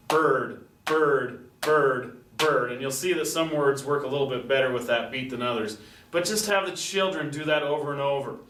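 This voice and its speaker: A man showing how to teach a steady beat to young children, explaining patiently step by step. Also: mid-range voice. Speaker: music teacher. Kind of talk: classroom teaching demonstration. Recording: roomy echo from a distant mic with faint noise.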